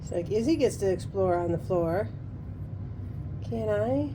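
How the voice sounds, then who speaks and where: A woman's voice: mid-range voice, lively intonation, a little slow, background noise. A woman at home filming her parrot on a handheld camera, talking to it in a playful, teasing, sing-song way. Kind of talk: casual talk to a pet. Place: home, indoors.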